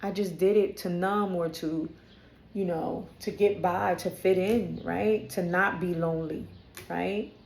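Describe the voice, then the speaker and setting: A candid woman from Brooklyn talks in a casual, chatty way. Her voice sits a little low, and the room around her sounds echoey. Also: steady tone, unhurried, vocal fry, a little mellow, a little hiss or hum. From Brooklyn, New York. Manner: candid and chatty, with frequent "right?" and laughter. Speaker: spiritual vlogger. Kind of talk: casual spoken reflection.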